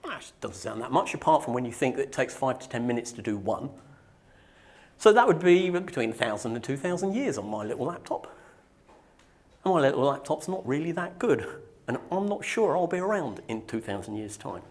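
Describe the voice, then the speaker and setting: A man's voice: medium pitch, very animated, fairly quick, a little mellow. A man from Norfolk, giving a technical conference talk to a live audience in a joking, self-deprecating way. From Norfolk, England. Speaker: conference speaker.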